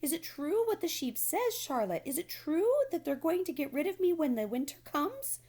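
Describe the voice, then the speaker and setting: A woman voicing a frightened, excitable young male pig, pleading in a high, loud, wailing voice. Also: moderate pace, vocal fry. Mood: panicked.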